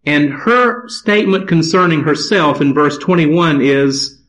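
A man preaching a sermon, reading scripture aloud and explaining it in a slow, deliberate manner. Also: a little high, a bit bright, low-quality recording.

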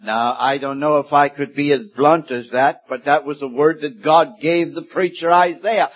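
A man in his seventies preaching a sermon, slow and deliberate, rising suddenly into loud emphatic peaks. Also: fairly high pitch, steady tone. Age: 70s. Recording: dull lo-fi sermon recording.

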